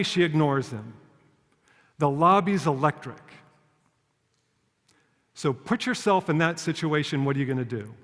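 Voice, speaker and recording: A man delivers a prepared public talk at a measured pace, telling stories and posing rhetorical questions. His voice sits fairly high for a man. The sound carries a long reverb, as if the talk was recorded in a large hall. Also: animated. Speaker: public speaker.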